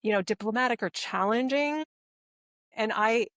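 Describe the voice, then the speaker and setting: A woman talking as a podcast guest in casual conversation, measured and thoughtful, slowing down to choose her words. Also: fairly high pitch, a bit bright, no echo, studio quality.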